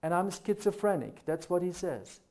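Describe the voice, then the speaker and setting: The sermon comes from a middle-aged man with a German accent who grew up speaking German; his voice sits high and moves at normal speed. Earnest throughout, he builds to spirited rhetorical questions.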